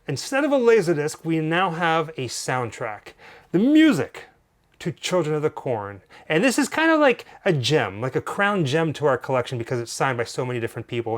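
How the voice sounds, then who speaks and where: A man co-hosting a collectors' vlog, showing items in a playful, jokey, showman-like way. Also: a little high. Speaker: collector co-host.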